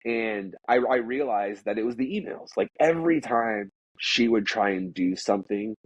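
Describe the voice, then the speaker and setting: A man's voice: lowish voice, moderate pace, breathy edge, dry recording, dull audio. A man telling a work story in casual conversation, rambling with many "like"s and restarts.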